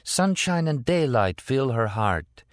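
A man voicing a strange young Italian woman with an Italian accent, speaking slowly and dreamily. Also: mid-range voice, sing-song, dry recording, studio quality, pitched above the performer's own voice. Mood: dreamy. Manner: slow, dreamy, deliberate.

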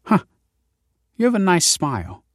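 A cocky, sharp-tongued young woman who teases and snaps back fast, as a male narrator puts her on with a lifted voice. The sound is dry and close, with no room around it. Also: high-pitched, huge pitch swings, no room sound, voice pushed up, exaggerated voice. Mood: teasing. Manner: sharp, snappy banter. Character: brash, teasing young adult woman.

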